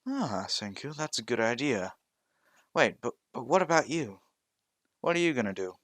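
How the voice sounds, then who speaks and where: A man voicing an excitable teenage boy student who stammers, in a fan-made audio story. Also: medium pitch, normal speed, dry recording. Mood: eager.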